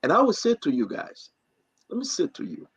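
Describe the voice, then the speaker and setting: Combative talk show host. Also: male voice, sits high, sing-song, brisk, a bit bright, slightly rough, low-quality recording. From Liberia. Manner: combative, cuts in, repeats questions. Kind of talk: heated political talk show.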